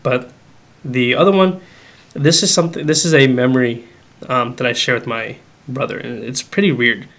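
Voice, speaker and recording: Medium in pitch and normal in speed, a young man's voice carries a family ghost story told casually as a podcast guest. He speaks with animation, acts out quoted dialogue, and drops many fillers such as "like" and "um."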